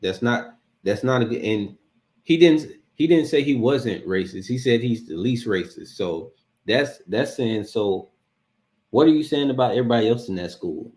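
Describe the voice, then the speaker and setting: A man hosting his channel, giving halting reaction commentary with chuckling asides. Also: mid-range voice, darkish tone. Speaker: host commenting on a clip.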